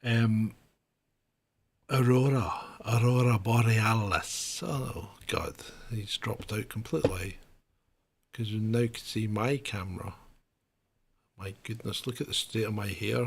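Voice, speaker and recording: A man hosting a casual chat show, chatty and unhurried, talking to his viewers. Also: lowish voice, creaky, husky. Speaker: host.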